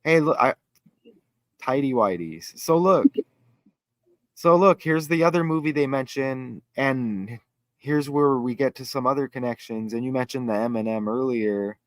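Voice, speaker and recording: A man hosting a casual livestream chat, excitable and rambling, thinking aloud as he reads. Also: medium pitch, a little slow, no echo. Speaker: host.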